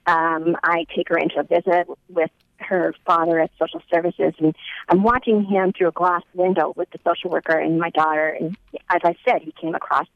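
A woman's voice: fairly low pitch, fairly even intonation, brisk, dry recording, muffled recording. A woman giving a personal testimony, telling her story earnestly and acting out the dialogue as she recounts it.

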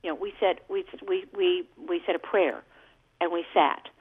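A woman's voice: fairly low pitch, steady tone, normal speed, breathy edge. Chatty woman on a tinny phone line. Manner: chatty, warm storytelling with laughs. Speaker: guest singer. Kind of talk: casual radio interview.

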